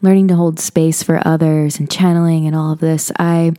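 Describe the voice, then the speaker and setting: A woman's voice: sits low, level tone, normal speed, dark tone. Earnest woman hosting a spiritual talk. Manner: earnest and conversational, with frequent "you know" and "like". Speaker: podcast host. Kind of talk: casual spiritual self-help talk.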